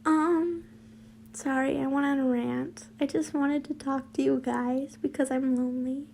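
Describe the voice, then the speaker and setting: A young woman reads her fanfiction aloud in a high, gravelly voice with a darkish tone, keeping a measured pace and fairly even intonation. She keeps drifting into rambling, giggly, self-deprecating chat and whispered asides, with a little hiss or hum in the background.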